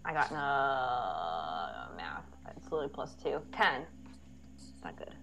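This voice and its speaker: Lively woman playing a tabletop game. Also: very deep voice, takes it slowly, creaky, a little hiss or hum. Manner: expressive, laughing asides. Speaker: player. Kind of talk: tabletop role-play.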